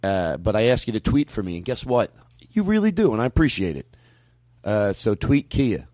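Rambling playful host, dry sound. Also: male voice, lowish voice, sing-song, moderate pace, a little mellow, no echo. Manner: rambling, self-interrupting, playful. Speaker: podcast host. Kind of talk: casual comedy chat.

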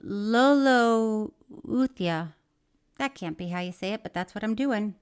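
A woman's voice: medium pitch, unhurried, a little hiss or hum. A middle-aged woman co-hosting a casual podcast, reading listener mail aloud and laughing often. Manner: laughs often, reads letters in a lively voice. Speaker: podcast co-host.

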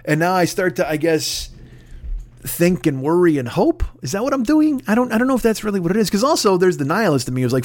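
Male podcast host, somewhat high voice, swearing and wry, rambling monologue. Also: lively intonation, fast. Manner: profane, digressive, wry. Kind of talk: casual comedic rant.

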